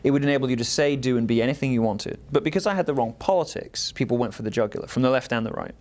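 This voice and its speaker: Male interviewer, mid-pitched voice, measured and wry. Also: a little mellow. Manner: articulate, measured, lightly wry. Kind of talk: studio interview conversation. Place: broadcast studio.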